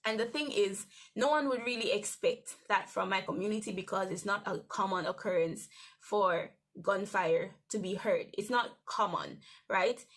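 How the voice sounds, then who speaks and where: Young woman, devotional host, casual testimony, mid-pitched voice, meandering delivery. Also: moderate pace. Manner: conversational, rambling with restarts and soft laughs.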